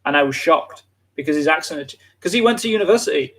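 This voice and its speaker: A man's voice: fairly high pitch, lively intonation, quick pace, a bit bright. A man from England, chatting casually on a live lesson and filling his talk with "like". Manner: casual, lots of filler "like". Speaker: English teacher.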